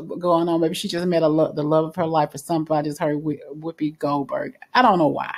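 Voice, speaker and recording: A woman's voice: low-pitched, steady tone, fairly quick, few pauses, darkish tone. A woman giving a casual spoken tarot reading in a chatty, reassuring way, with frequent fillers and restarts. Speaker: tarot reader.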